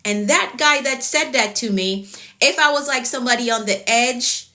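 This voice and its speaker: Woman coach talking about kindness, bright tense voice, kinda high, really earnest. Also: moderate pace. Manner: earnest, emphatic, with rhetorical questions. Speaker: productivity coach. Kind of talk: motivational talk.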